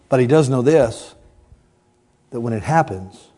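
A man preaching a sermon to a congregation, playful and teasing, swinging from loud outbursts to quiet asides. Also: mid-range voice, lively intonation, a little slow, long pauses.

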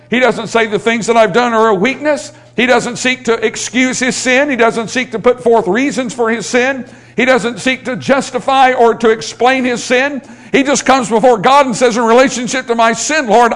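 A man's voice: extremely high pitch, normal speed, hardly any pauses, fairly bright tone. A male pastor preaching a sermon, building in intensity and pleading when he quotes scripture.

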